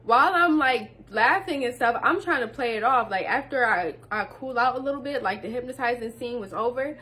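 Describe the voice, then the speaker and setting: A young woman, telling a story to her viewers in a casual vlog, animated and laughing as she talks. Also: fairly high pitch, a little fast.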